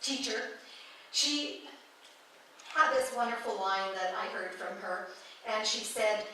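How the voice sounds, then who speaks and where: A woman's voice: medium pitch, slow pace, pushed and bright, slight background noise. A woman giving a conversational, playful sermon as a guest speaker at a spiritual church. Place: church sanctuary. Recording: echoey hall from far off.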